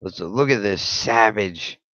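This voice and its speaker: A man's voice: fairly low pitch, takes it slowly, fairly bright tone, no echo, highs cut off. A man hosting his channel, reacting to videos with blunt, profane, sarcastic commentary. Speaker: channel host.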